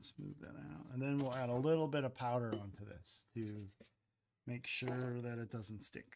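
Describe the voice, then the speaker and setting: His mid-range voice is steady, creaky and somewhat dark, moving at a moderate pace, with a little hiss or hum in the audio. He's a ceramics artist live-streaming from his studio, casually explaining how he makes clay cups and frequently murmuring off mid-thought.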